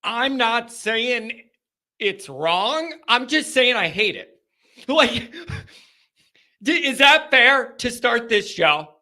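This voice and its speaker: Casting note: excitable male call-in host, high and sharp-toned, rambles and circles back on himself. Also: extremely slow, long pauses. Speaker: sports call-in show host. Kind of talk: live call-in show monologue.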